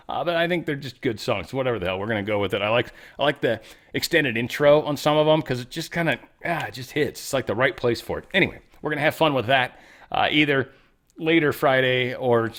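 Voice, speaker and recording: A man's voice: medium pitch, a bit bright. A male host rambles through the news in a casual, ranting manner, swearing freely as he goes. His voice sits in an ordinary middle range and he keeps drifting off on tangents.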